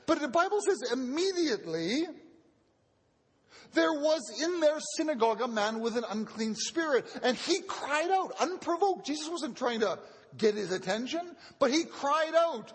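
A man's voice: extremely high pitch, very animated, normal speed. A male pastor preaching a sermon in an earnest teaching manner, often repeating words as he restarts. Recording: long reverb of a large hall.

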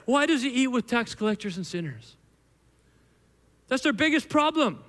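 A male pastor preaching in a long, echoing church hall, his voice very high and bright. He speaks in a loose, conversational way, restarting phrases as he goes and keeping the story lively for the room. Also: moderate pace. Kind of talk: sermon. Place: church hall with a live congregation.

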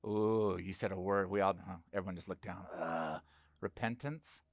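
A man's voice: deep voice, normal speed, dry recording. Middle-aged man, pastor, conversational sermon, questions to the congregation, dry sound.

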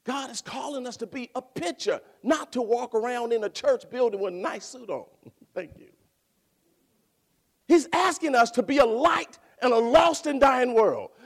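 Preacher man, high gravelly voice, lively, shouts and asks why a lot. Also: moderate pace. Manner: animated, call-and-response questions, bursts of shouting. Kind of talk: sermon.

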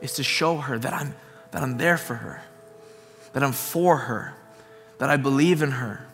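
A man's voice: medium pitch, normal speed, a bit bright, long reverb tail, faint music behind. A man preaching a sermon as a pastor, earnest and repeating his points for emphasis.

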